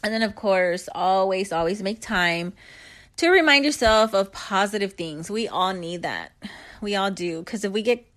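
A woman's voice: medium pitch, moderate pace, a bit bright. A middle-aged woman giving life advice in a candid, chatty vlog, with frequent laughs and slangy asides. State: upbeat after a bike ride. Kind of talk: casual motivational chat.

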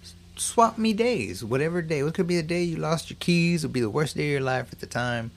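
A man's voice: fairly high pitch, lively intonation, a little fast, vocal fry, pitched above the performer's own voice. A man voicing a sly, scheming male trickster imp with a wheedling, sing-song delivery, as he retells a cartoon film.

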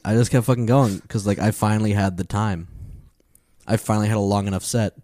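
A man's voice: on the low side, fairly even intonation, brisk, mellow, no echo, studio quality. A young adult man, a stand-up comedian, chatting casually in a profane, rambling way and laughing often. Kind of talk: casual podcast chat.

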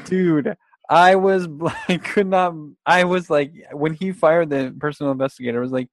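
Man, podcast co-host, animated, laughing, dry close-mic sound. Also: fairly high pitch, normal speed, no room sound. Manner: animated, laughing, acts out what others said. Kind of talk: casual chat.

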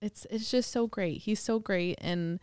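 A woman's voice: mid-range voice, a little slow, a little mellow, clean tone, dry recording, clean studio sound. A woman co-hosting a podcast in casual chat, giggly and self-conscious, often trailing off and hesitating. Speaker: podcast co-host.

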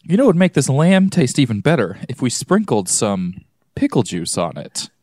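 A man voicing a goofy, excitable male lab scientist who shouts and laughs. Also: moderate pace, a little hiss or hum, natural voice. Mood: enthusiastic. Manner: loud, laughing, high-pitched shouting. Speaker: podcast co-host.

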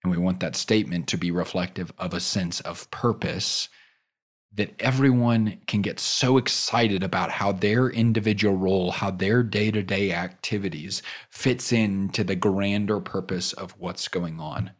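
A man hosting a business leadership podcast, giving an earnest motivational talk that swings from emphatic peaks to soft storytelling. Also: steady tone, normal speed. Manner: drops soft and low when telling a story.

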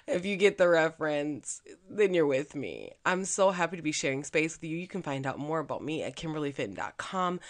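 A woman's voice: sits low, lively intonation, moderate pace. A woman hosting her own podcast, talking alone in a chatty, upbeat way with plenty of fillers. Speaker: podcast host. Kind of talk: casual solo podcast monologue.

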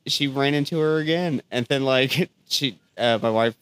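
A man's voice: medium pitch, normal speed, a bit bright, clean tone, no echo. A man co-hosting a podcast, telling profane stories in casual chat and laughing often. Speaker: podcast co-host.

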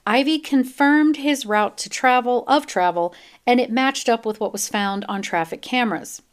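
A woman's voice: on the high side, normal speed. A woman hosting a true crime podcast, reading news reports aloud and breaking into blunt, profane rants. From United States. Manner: blunt, swears freely, animated when ranting. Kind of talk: reading news with ranting asides.

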